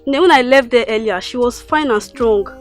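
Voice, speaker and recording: A woman's voice: a little high, moderate pace, faint music behind, lightly acted. An actress playing a dutiful young village woman who speaks respectfully and reassuringly, with a Nigerian accent.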